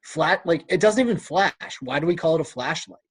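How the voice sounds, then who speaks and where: A man's voice: a little high, animated, fairly quick, slightly rough. Chatty laid-back American man. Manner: laid-back, chatty, quizzing his friend. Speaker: podcast co-host. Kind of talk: casual chat.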